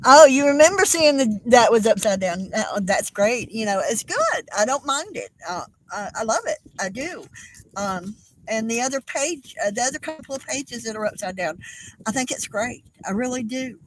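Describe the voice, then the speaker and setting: An older woman, hosting a casual craft livestream, speaking in a halting, tearful, apologetic way with many fillers. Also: on the high side, expressive, slight background noise, poor audio.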